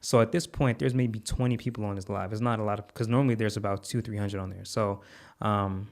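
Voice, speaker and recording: Man, fairly low voice, podcast guest, earnest storytelling, heartfelt, fillers and repeats. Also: steady tone, fairly quick, creaky, a little mellow. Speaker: podcast guest, content creator.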